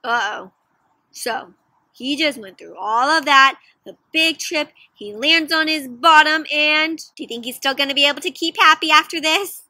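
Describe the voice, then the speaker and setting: High, bright-voiced storyteller woman. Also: moderate pace, dry recording. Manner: animated, gasping, asks children questions. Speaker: children's storyteller. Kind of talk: interactive read-aloud for kids.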